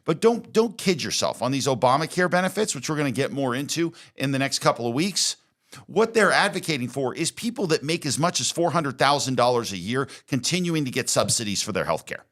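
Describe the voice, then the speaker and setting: A man hosting a political chat show with a middle-pitched voice. He argues emphatically and doubles back on words as he presses his case. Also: sing-song, a little fast, a bit bright. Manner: emphatic, repeats words when worked up. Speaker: podcast host.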